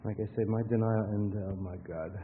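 A man's voice: fairly low pitch, steady tone, a little fast. Rambling male lecturer on a tinny line. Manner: rambling, conversational, frequent restarts. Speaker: workshop lecturer. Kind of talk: lecture with anecdotes. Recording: tinny phone-like sound with faint hiss.

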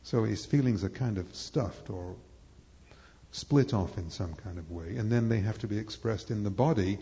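A man lectures to a live audience in a low, mellow voice, circling back on himself with fillers and restarts. The sound is muffled and lo-fi. A long hall reverb trails his words. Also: moderate pace. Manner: rambling and hesitant, with many fillers and restarts. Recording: echoey hall, dull lo-fi sound.

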